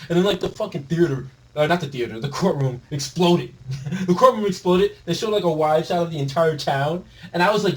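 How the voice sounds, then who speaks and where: A man's voice: fairly high pitch, animated, brisk, distant mic, rough recording. A man giving a casual, exasperated film review late at night at home, laughing often. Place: home room.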